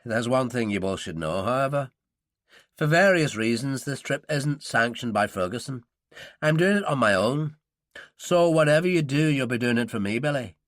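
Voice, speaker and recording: A man's voice: mid-range voice, expressive, normal speed, no room sound, close to an everyday voice. A man doing a dry, wry operative. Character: Irish ex-gunman, dry and wry, middle-aged man.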